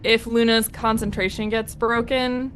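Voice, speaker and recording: A woman's voice: fairly high pitch, little pitch movement, a little slow, fairly bright tone, soft background music. A woman playing a tabletop game, hesitant, with lots of ums and restarts. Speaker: player. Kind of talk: casual tabletop play.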